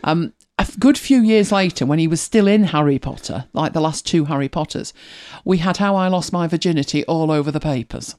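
A woman's voice: deep voice, fairly quick, few pauses, darkish tone. A middle-aged woman from Manchester with a mild Manchester accent, chatting casually as a host, rambling and laughing often. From England, Manchester. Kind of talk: casual chat, reading listener comments.

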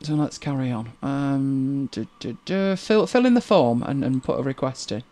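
A woman from Britain chatting casually on a live stream, her pitch swinging up and down as she reads out comments. She rambles, hums to herself while scrolling and chuckles easily. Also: expressive, moderate pace, mellow.

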